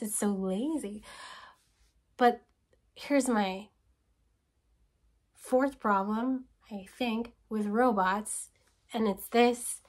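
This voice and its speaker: A woman with a fairly high voice riffs to camera in a casual, sarcastic rant. She asks rhetorical question after rhetorical question and sometimes sinks into an exasperated whisper. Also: takes it slowly, long pauses. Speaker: video essayist host. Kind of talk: casual spoken commentary.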